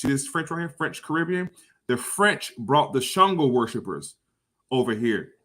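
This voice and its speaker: A man giving an informal, preachy lecture, talking over visuals and swearing freely. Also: mid-range voice. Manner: animated, profane, preachy.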